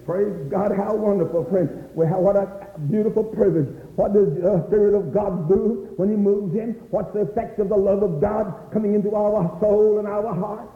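A man preaching a fervent revival sermon, crying out praise, repeating "my dear friend," and rising into shouts. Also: sits high, steady tone. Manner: rises into shouts and slows for emphasis. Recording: dull, echoey hall recording.

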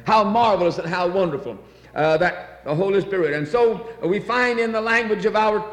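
A high-voiced male preacher speaks with fervor at a moderate pace, reading from scripture and repeating his lines during a church sermon. His voice rings out through a big, echoey hall with a lingering reverberation.

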